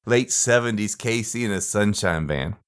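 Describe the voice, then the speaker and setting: A man co-hosting a podcast in casual chat, easygoing and halting, often restarting and repeating words. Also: on the low side, clear, resonant tone. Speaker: podcast co-host.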